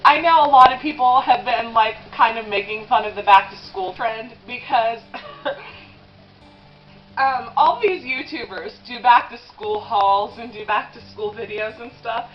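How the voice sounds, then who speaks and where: A woman's voice: on the high side, unhurried, faint music behind. Rambling young woman, muffled home video. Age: 20s. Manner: rambling, with many "um" and "like" fillers. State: tearful at times. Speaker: vlogger. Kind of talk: emotional confessional vlog while eating.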